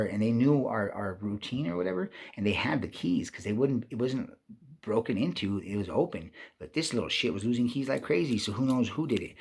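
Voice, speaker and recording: A man's voice: medium pitch, vocal fry, slightly rough. A man telling a personal story in a rambling, profane monologue, agitated and often restarting mid-sentence. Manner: profane, agitated, many restarts and repeated words.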